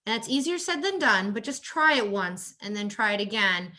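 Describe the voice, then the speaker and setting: Her caregiver-stress workshop has a sing-song, pushed, bright sound at normal speed. The woman health coach speaks conversationally, sprinkling in "you know" and "right?", and raises her voice higher whenever she acts out quoted exchanges.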